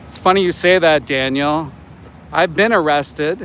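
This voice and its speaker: High-voiced Canadian man ranting outdoors. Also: unhurried. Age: 40s. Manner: shouts angrily at truck drivers, otherwise ranting and indignant. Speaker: animal rights activist livestreaming. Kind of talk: live street vlog. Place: outdoors by a road outside a slaughterhouse. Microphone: phone held while livestreaming. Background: passing trucks and traffic.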